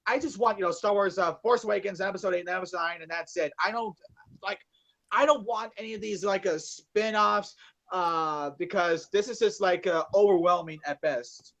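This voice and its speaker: A man's voice: high voice, moderate pace, a bit bright. A man co-hosting a casual podcast about movies, rambling with many fillers and swearing. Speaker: podcast co-host.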